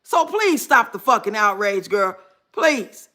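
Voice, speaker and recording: A woman's voice: medium pitch, big pitch swings, slow, pushed and bright. A woman giving blunt, sarcastic reaction commentary on a clip. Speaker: commentary streamer.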